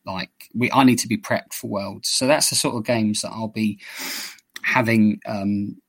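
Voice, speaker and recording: A man chatting casually on a podcast, blunt and quick to swear, laughing often. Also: fairly low pitch, steady tone, slightly rough, dry recording. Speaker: podcast guest, tabletop wargame player.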